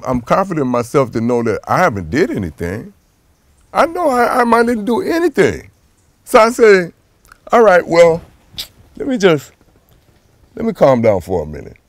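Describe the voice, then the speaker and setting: A man's voice: mid-range voice, no echo. A father telling his own story in an interview, acting out past dialogue with animation. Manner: animated, acts out dialogue in a raised voice. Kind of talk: personal account.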